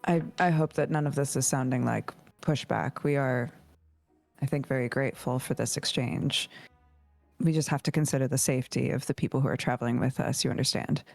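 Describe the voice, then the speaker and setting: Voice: mid-range voice, fairly even intonation, fairly quick, gravelly, soft background music. A player at a tabletop game speaking in character politely and diplomatically. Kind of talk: playing a tabletop role.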